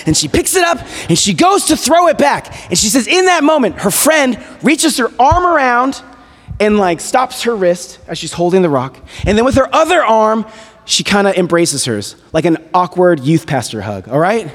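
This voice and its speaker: A man giving a sermon as a guest preacher, retelling a story in a conversational, animated way with casual fillers. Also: high-pitched, moderate pace. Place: church hall. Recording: echoey hall reverb.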